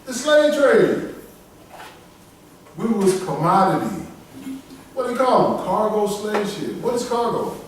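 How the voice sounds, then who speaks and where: A man's voice: high-pitched, very animated, measured pace, long pauses, very echoey, distant mic, slight background noise, rough recording. A man preaching a sermon with emphatic delivery, calling on a reader to read scripture aloud. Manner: emphatic, preaching in dialect with call-and-response to a reader.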